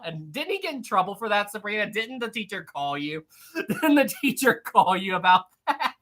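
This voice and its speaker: A woman's voice: on the high side, big pitch swings, measured pace, fairly bright tone. A woman hosting a casual live stream, talking to her chat with frequent laughter and many restarts.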